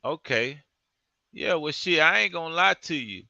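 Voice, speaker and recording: A man's voice: on the high side, lively intonation, moderate pace, creaky, bright, forceful tone, no echo. A man hosting a casual interview, laid-back and agreeable with lots of slang. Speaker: interview host. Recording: dull lo-fi audio.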